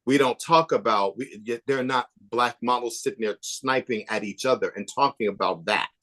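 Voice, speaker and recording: An animated male guest in relaxed interview chat, telling behind-the-scenes stories like gossip. He swings from emphatic, rising bursts to hushed, confiding asides, and his pitch sits in the middle of the usual range for a man. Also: normal speed. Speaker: podcast guest, author and documentary maker.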